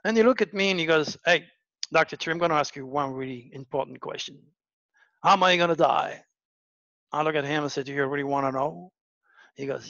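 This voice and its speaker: Gravelly man telling animated stories. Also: no room sound. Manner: animated, acts out quoted voices with big pitch jumps. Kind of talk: casual storytelling monologue. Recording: dull lo-fi dry recording.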